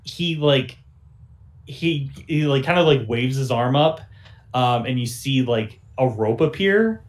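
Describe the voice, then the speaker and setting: A man's voice: medium pitch, expressive, slow pace. A man running a tabletop game as game master, narrating casually with lots of fillers. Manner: casual, filler-heavy storytelling.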